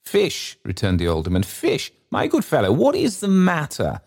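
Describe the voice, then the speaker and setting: A man's voice: a little high, huge pitch swings, moderate pace, gravelly, darkish tone, slightly rough, pitched above the performer's own voice, heavily acted. A man voicing a smug, pompous male alderman who speaks in sanctimonious tones.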